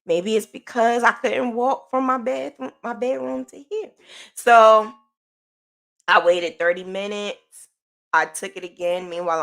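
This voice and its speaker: A middle-aged woman hosts her own podcast and tells a long personal story in casual, animated chat. Her voice has a gravelly, fried edge, and she sighs, backtracks and corrects herself as she goes. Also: medium pitch. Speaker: podcast host.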